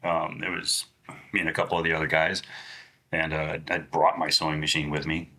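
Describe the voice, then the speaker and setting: A man's voice: rumbling low, little pitch movement, brisk, sharp tone. A man in his forties, a podcast guest chatting casually, blunt and profane, laughing easily. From United States. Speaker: guest, dog gear maker.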